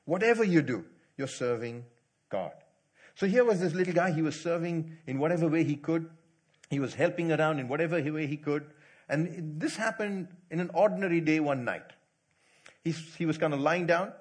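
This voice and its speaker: Husky-voiced man preaching a sermon. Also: a little high, moderate pace. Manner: storytelling preacher, repetitive phrasing, acts out voices. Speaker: pastor.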